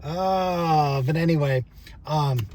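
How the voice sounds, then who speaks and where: A man's voice: a little high, slow pace, a little mellow, a little hiss or hum. An older man, a former trial attorney, talking casually to camera in a rambling, profane, chuckling way. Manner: rambling, chatty and profane, with frequent fillers and chuckles.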